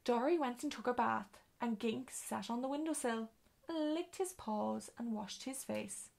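A woman's voice: a little high, measured pace, vocal fry, darkish tone. A woman reading a children's storybook aloud, with occasional slips and self-corrections.

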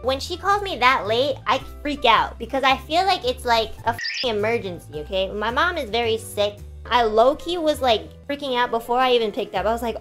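Young woman, twenties, high voice, animated, exasperated, swears a lot, faint music behind. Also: a little fast. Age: 20s. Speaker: streamer. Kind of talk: casual storytelling to a live stream.

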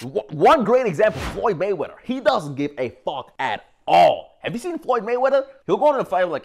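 A man's voice: high voice, big pitch swings, fairly quick, creaky, hardly any pauses. A man giving a brash, profane motivational rant who keeps slipping into mocking voices. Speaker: motivational speaker.

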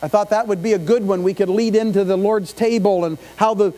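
A man's voice: high-pitched, fairly even intonation, fairly quick, dark tone. A middle-aged male pastor preaching a conversational sermon, often asking the congregation questions and adding asides. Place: church sanctuary. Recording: live church stream with long reverb and mains hum.

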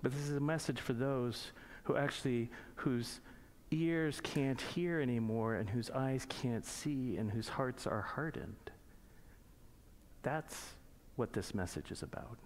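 A man's voice: medium pitch, slight background noise. Man preaching a sermon in church. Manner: reads scripture slowly, then explains in plain conversational asides; asks the congregation pointed rhetorical questions. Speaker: pastor.

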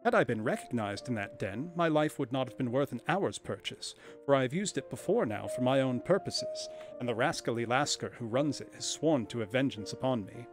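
Dude reading as a crisp bossy confident detective, a bit higher than his own voice, soft music underneath. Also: lively intonation, brisk, few pauses, natural voice. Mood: commanding. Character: brisk, masterful male detective in disguise.

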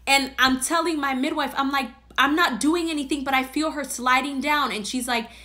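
A woman's voice: sits high, fairly even intonation, moderate pace, bright, forceful tone. A woman hosting a podcast, telling her own birth story in an earnest, heartfelt way. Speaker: podcast host.

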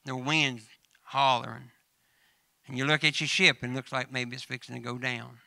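A man's voice: mid-range voice, level tone, moderate pace, creaky, pushed and bright, dry recording. A man with a Southern American accent preaching a folksy sermon, telling funny stories and addressing church members by name. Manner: humorous storytelling mixed with scripture reading.

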